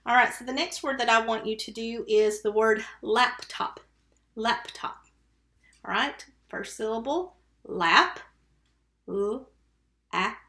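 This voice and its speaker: Woman teacher, slow and patient, sounds out letters, echoey room. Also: a little high, steady tone, fairly bright tone. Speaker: first-grade teacher. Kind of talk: recorded remote phonics lesson. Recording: roomy, echoey recording.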